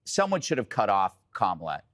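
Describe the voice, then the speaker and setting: Animated sarcastic male panel host. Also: lowish voice, fairly quick. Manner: sarcastic, jokey, riffing. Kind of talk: wisecracking panel banter.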